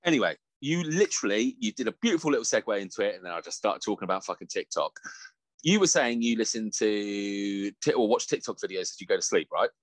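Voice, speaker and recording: A man's voice: on the low side, expressive, fast, dry recording. A man co-hosting a podcast in casual chat, sweary and giggly, rambling from one story to the next. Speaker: podcast co-host.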